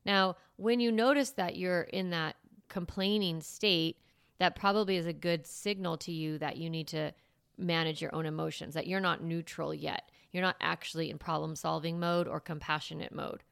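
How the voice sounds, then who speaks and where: Her voice is on the low side, steady and clean, a bit bright with some vocal fry, at a normal speed. She hosts a parenting podcast with a chatty advice monologue full of fillers and restarts, recorded cleanly in a studio without echo.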